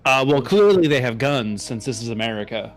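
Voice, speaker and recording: A man in casual gameplay commentary who makes crude jokes and deadpan asides. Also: medium pitch, brisk, soft background music.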